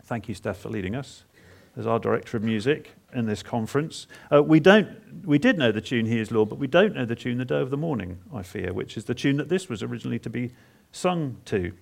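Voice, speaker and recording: Gravelly-voiced preacher, dramatic and halting. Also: male voice, mid-range voice, lively intonation. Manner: dramatic first-person retelling of a psalm; halting, repeats words for emphasis. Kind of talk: expository sermon.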